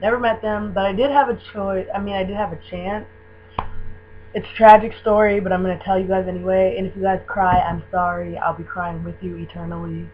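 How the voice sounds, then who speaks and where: A young woman from Michigan gushing about a band she loves in a casual video, with lots of "um" and "like" and excited rambling. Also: mid-range voice, a little fast. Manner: gushing, excitable, filler-heavy fan talk. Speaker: vlogger. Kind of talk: casual fan tag video. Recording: dull lo-fi webcam audio with faint hum.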